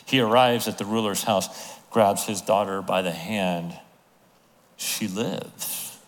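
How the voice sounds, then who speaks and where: A man preaching a sermon as a pastor, telling the story with lively acted-out voices of the people in it. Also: fairly low pitch, slow pace. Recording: long hall reverb.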